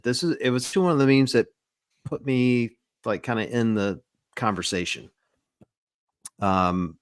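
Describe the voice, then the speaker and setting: A man with a lowish voice co-hosts a casual podcast and rambles through his stories, leaning on lots of filler words. His voice is recorded dry and close, with no room sound. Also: dry recording. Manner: rambling, relaxed storytelling with many fillers. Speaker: podcast co-host.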